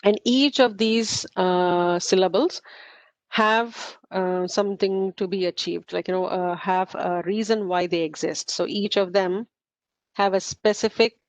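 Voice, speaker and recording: A woman's voice: medium pitch, fairly even intonation, unhurried, dry recording. A woman teaching a study group in an informal lecture, explaining step by step with frequent fillers and self-corrections. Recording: slightly muffled, dull recording.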